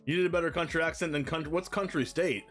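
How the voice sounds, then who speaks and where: A man chatting casually on a live stream, thinking aloud in quick rambling asides while building a card deck. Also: on the high side, fairly bright tone, soft background music.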